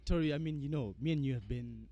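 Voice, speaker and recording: A man's voice: medium pitch, quick pace, dark tone, highs cut off, slight background noise. A man hosting a podcast, asking teasing, prying questions. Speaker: podcast host. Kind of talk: casual chat.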